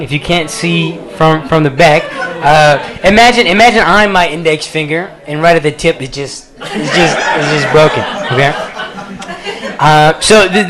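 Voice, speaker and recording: A man's voice: on the high side, fairly bright tone. Chatty man telling a story on stage. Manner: loose and chatty, laughing through the story. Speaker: comedian. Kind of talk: live stand-up storytelling. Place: small cafe stage. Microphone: handheld stage mic.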